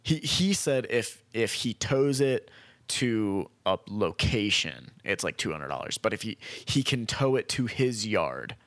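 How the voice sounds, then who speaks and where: A young man rambles his way through a story in easy conversation, swearing freely and playing out each person's lines. His voice sits fairly low. The sound is dry and close, with no room around it. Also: expressive, a little slow, a bit bright, no room sound. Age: young adult. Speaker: storyteller in casual chat. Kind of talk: casual chat.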